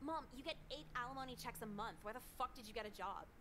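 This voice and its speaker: A woman voicing a snarky, rude teenage schoolgirl in a game, with a put-on American accent and a deadpan, insolent manner. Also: on the high side, quick pace, a little hiss or hum. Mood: defiant. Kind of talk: game voice acting.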